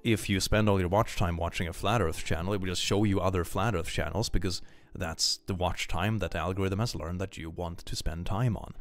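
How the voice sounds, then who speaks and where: A young man chatting casually on a livestream, reading viewer messages aloud, animated, laughing often and repeating phrases. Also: low voice, a little fast, hardly any pauses. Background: faint background music.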